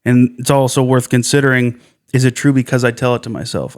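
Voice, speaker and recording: A man's voice: medium pitch, a little fast. A man co-hosting a podcast, telling reflective stories in casual chat. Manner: reflective, storytelling, quotes others in animated voices. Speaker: podcast co-host.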